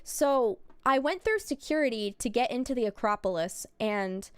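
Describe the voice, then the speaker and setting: A woman's voice: fairly high pitch, lively intonation, normal speed, smooth, no room sound. A young woman streamer telling a rambling travel story in a casual, chatty way, laughing and swearing. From United States.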